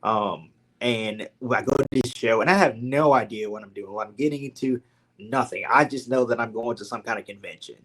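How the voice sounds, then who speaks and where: A man's voice: medium pitch, fairly quick, a bit bright. A young man from Louisiana with a Southern accent, a podcast guest telling his story casually and animatedly, full of "like" and "man". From Louisiana, USA.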